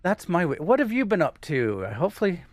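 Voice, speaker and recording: A man's voice: high-pitched, huge pitch swings, fairly quick, no room sound. A man co-hosting a casual gaming podcast, rambling and hesitant as he chats. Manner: rambling, hesitant, many fillers and restarts. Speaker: co-host.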